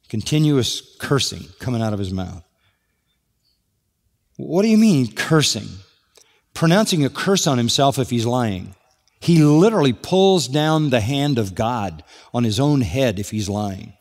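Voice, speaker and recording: A man's voice: mid-range voice, very animated, unhurried, darkish tone. A man preaching a sermon, walking through a passage verse by verse with rhetorical questions. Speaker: pastor. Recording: long hall reverb.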